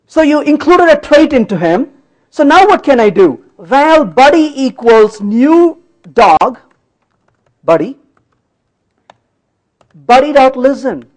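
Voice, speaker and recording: A man's voice: extremely high pitch, very animated, takes it slowly, pauses often, a little mellow, poor audio. A man giving a conference talk while live-coding, playful and teasing with the audience, often checking that they follow. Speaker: conference speaker. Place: conference hall.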